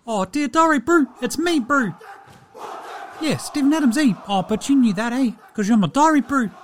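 A man's voice: very high-pitched, lively intonation, normal speed, a faint crowd, slight background noise, voice pushed up. A man putting on a chummy New Zealand baller. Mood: easygoing. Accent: New Zealand (put on). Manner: chummy, rambling, says "bro" and "eh" constantly. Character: laid-back friendly New Zealand basketball big man. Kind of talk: comedy bit, mock diary entry.

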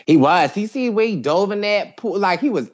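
A man's voice: high voice, lively intonation, normal speed, highs cut off. A man guest in a casual chat, hesitant and stammering, giggling often.

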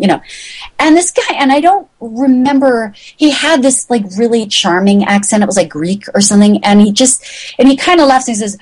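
A middle-aged woman, a magazine founder appearing as a guest, tells a rambling story in an interview, her voice lively in intonation, a little fast and a little mellow. She's chatty and acts out the people in the story with big leaps in pitch. The recording is rough.

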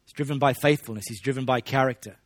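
A man preaching a sermon in a relaxed, conversational way, with joking asides to the congregation. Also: mid-range voice, fast, no room sound. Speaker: pastor.

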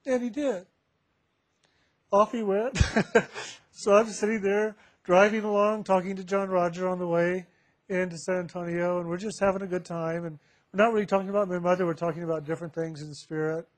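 A man telling a personal spiritual testimony to a group, halting with many fillers and restarts and laughing often. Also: high-pitched. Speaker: member sharing with a spiritual group.

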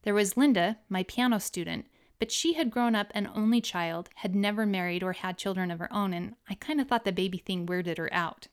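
A woman reads her own life story as an audiobook. Her voice is smooth and resonant at a middle pitch, and she tells it with warmth and expression. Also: brisk, hardly any pauses. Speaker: memoir narrator. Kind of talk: audiobook memoir reading.

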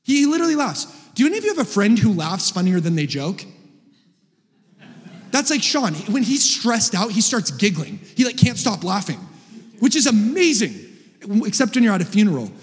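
A man preaches with a high, bright voice, cracking jokes and rising to shouts. His words ring out with a long reverb across a large church hall. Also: moderate pace. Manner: joking, animated, builds to shouts. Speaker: guest preacher. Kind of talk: energetic sermon.

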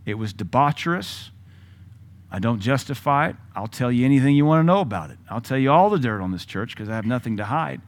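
A man's voice: mid-range voice, animated, a little fast. A middle-aged male pastor preaching a sermon, telling a personal story with laughs and sudden swings in volume.

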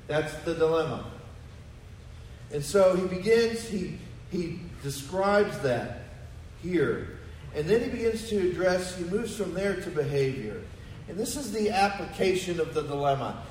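A man's voice: a little high, darkish tone, reverberant, distant mic, a little hiss or hum, low-quality recording. A man preaching a sermon to his congregation, emphatic and full of rhetorical questions. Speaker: pastor. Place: church sanctuary.

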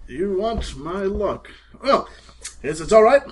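High, lively-voiced man playing along. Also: takes it slowly, slightly rough. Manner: playful, boastful in-character bravado. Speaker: player. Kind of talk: tabletop role-play.

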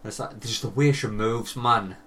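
A man's voice: lowish voice, moderate pace, a bit bright. A young man, co-hosting a podcast and telling stories animatedly, swearing and laughing a lot. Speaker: podcast co-host. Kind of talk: casual chat. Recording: voice a bit distant from mic, faint hiss.

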